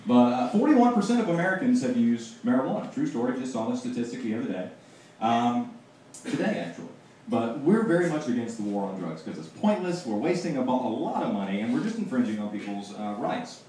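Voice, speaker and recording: A man's voice: medium pitch, big pitch swings, fairly quick. Man doing stand-up, echoey distant room. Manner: joke-telling, building to loud punchlines. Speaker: stand-up comic at open mic. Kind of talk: stand-up comedy set. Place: small open mic venue with audience. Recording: distant mic, echoey room, noisy audience.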